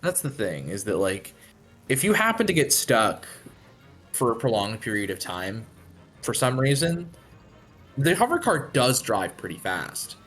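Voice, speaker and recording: A man commentating a speedrun live in a relaxed, chatty way. He picks apart the play, often trailing off mid-thought, and his voice rises and falls freely. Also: medium pitch, unhurried, faint music behind.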